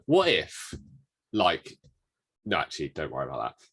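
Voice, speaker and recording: A man co-hosting a podcast in casual chat, animated, telling anecdotes and joking around. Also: a bass voice, moderate pace, slightly rough. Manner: animated, tells anecdotes, does impressions. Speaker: podcast co-host.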